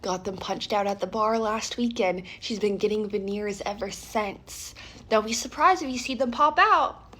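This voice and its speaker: A woman voicing Meredith, a fake-friendly gossiping middle-aged woman, in a low conspiratorial voice. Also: normal speed, sharp tone.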